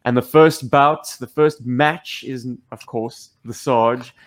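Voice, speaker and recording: Man, podcast host, casual chat, measured announcer tone. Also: medium pitch, fairly even intonation.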